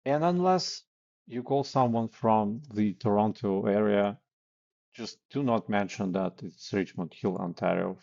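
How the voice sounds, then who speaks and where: A man's voice: on the low side, a little slow, vocal fry, darkish tone, lo-fi sound. A man coaching on sales calls in a blunt, casual way, with many fillers and acted example lines. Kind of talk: casual instructional talk.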